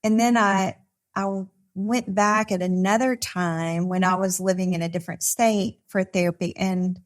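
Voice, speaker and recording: A woman's voice: medium pitch, steady tone, measured pace. A woman therapist, a podcast guest, talking casually at a live conference recording, with many fillers and restarts. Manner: chatty, many fillers and restarts, frequent laughter. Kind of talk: casual conversation.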